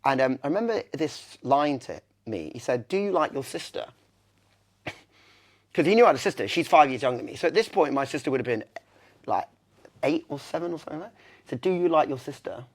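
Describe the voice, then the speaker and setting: A young man speaks candidly as an interview guest, his stories loose and rambling, full of fillers and self-corrections. His voice sits at an ordinary middle pitch. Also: sing-song, brisk, long pauses. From England. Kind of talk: conversational storytelling.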